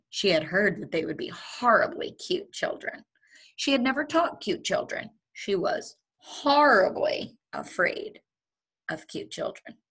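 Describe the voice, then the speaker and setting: Brief: woman teacher, children's read-aloud, breathy and expressive. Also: mid-range voice. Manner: lively and expressive, with chuckles. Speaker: teacher reading to her students.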